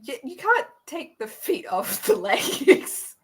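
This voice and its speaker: A woman's voice: high voice, sing-song, slow pace. An American woman in her thirties hosting a casual chat, giggly and rambling, often self-conscious. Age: 30s. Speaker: podcast host.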